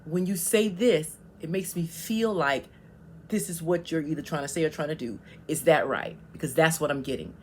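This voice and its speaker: A woman's voice: deep voice, normal speed, a little mellow, a little hiss or hum. A woman vlogger giving casual, emphatic advice on communication, often checking in with "okay?".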